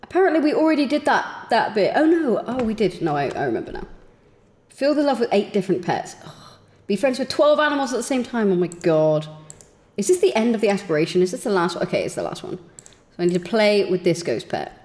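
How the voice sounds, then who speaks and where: A young woman talks her way through a game, chatting to the little people on screen and reacting as things happen. Her voice leaps high with excitement and dips low again, very animated. The tone is casual and playful. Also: a little fast. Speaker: streamer. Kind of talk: casual gameplay commentary.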